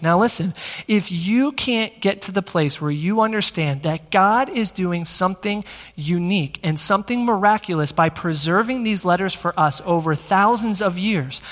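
A man preaching a teaching sermon in a church, energetic and conversational, talking straight to the congregation. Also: high-pitched. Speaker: pastor. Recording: long reverb of a large hall.

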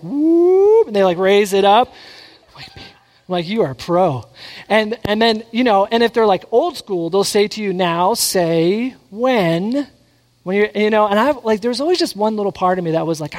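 A man preaching a sermon, mixing scripture with family stories and acting out the voices of the people in them. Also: sits high. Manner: animated, acts out quotes. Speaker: pastor. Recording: long hall reverb.

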